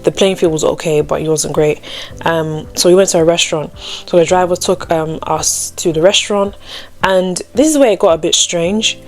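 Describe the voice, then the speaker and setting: A young woman with a slightly low voice tells a personal faith story in a relaxed, chatty way. Her talk is full of "like" and "you know", and she lifts her voice when she acts out what others said. Faint music plays softly behind her. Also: moderate pace. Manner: acts out quoted people with a raised voice. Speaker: Christian storytime vlogger.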